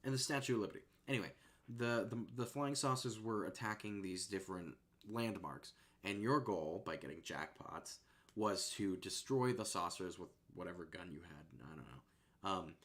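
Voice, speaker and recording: A man streaming and chatting casually at a desk microphone in a rambling, laid-back way that often trails off softly. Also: sits low, normal speed. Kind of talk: casual chat.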